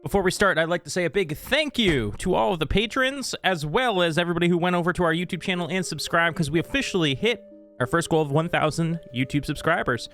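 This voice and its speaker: A man's voice: fairly high pitch, fast talker, a bit bright, faint music behind. A man hosting a tabletop game stream, introducing players in a playful, joking way. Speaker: game master and show host.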